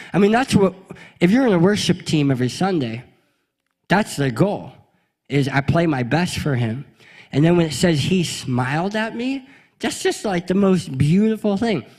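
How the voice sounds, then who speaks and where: A male pastor giving a lively, playful sermon, leading his congregation in a meowing game before telling a story. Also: fairly high pitch. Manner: playful, energetic, leads the crowd in a meowing game. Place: church sanctuary before a congregation.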